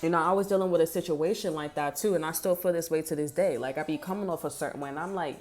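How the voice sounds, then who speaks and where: A woman's voice: deep voice, quick pace, hardly any pauses, a little mellow, soft background music. A woman giving a casual spoken tarot reading, blunt, heated and full of swearing. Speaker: tarot reader.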